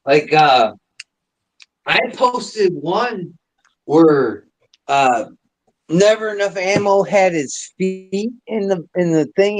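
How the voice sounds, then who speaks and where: A man's voice: high-pitched, low-quality recording. A man in a casual chat, reminiscing and laughing, peppering his talk with "dude" and "man". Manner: nostalgic, says "dude" and "man" a lot, laughs often.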